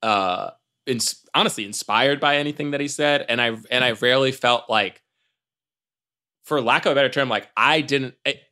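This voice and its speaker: A man's voice: mid-range voice, bright, forceful tone. A man talking casually as a podcast guest, stopping and restarting often. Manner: halting, many restarts and "like"s. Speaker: podcast guest, former church member.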